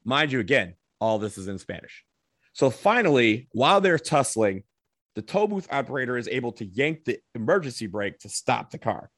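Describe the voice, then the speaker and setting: A man telling a comedic personal anecdote, animated, swearing casually and acting out what people said. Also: medium pitch, normal speed, no echo, studio quality.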